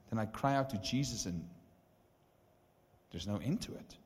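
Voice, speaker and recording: South African male pastor, lowish voice, casual storyteller, reverb of a big church hall. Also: normal speed, pauses often. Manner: casual, animated storytelling with frequent "like" and "right?". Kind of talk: storytelling sermon.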